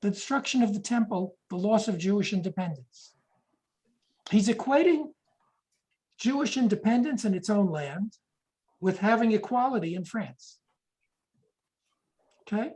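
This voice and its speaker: A woman's voice: mid-range voice, expressive, a little slow, pauses often, mellow, low-quality recording. A woman giving a history lecture, explaining points and reading quotations aloud, sometimes correcting herself mid-sentence.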